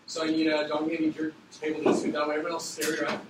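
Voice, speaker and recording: A male teacher rattles off instructions at a brisk clip, with a slightly high voice for a man. He sounds distant from the mic, and the classroom echoes around him with steady background noise. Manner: quick, loose, joking with students. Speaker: middle school teacher.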